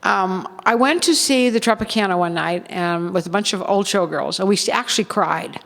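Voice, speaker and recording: A woman's voice: medium pitch, normal speed, gravelly, fairly bright tone. An older woman and former showgirl telling blunt stories at a seminar, laughing often and acting out quoted voices. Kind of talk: storytelling at a seminar. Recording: reverberant hall.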